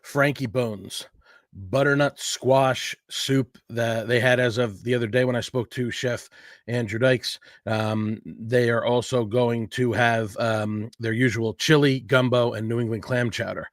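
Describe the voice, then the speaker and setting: A man's voice: mid-range voice, steady tone, measured pace, no room sound, clean studio sound. A man hosting a local food livestream, chatty and upbeat, rambling with fillers as he reads through a list. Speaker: host of a local food show. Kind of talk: casual livestream announcement. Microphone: livestream setup.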